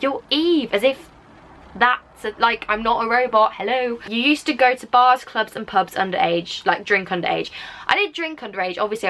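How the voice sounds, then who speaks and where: A teenage English woman from the Black Country chatting casually to camera, rambling with lots of "like" fillers in a softened accent. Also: mid-range voice. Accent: softened English, drifting toward Black Country. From Black Country, England. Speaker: YouTuber. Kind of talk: casual reaction chat to camera.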